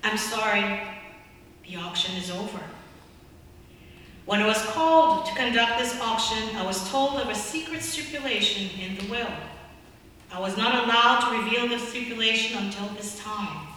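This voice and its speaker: A woman's voice: fairly high pitch, moderate pace, pushed and bright, a little hiss or hum. A woman voicing a formal, persistent male auctioneer who announces bids insistently. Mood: solemn. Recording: echoey hall from far off.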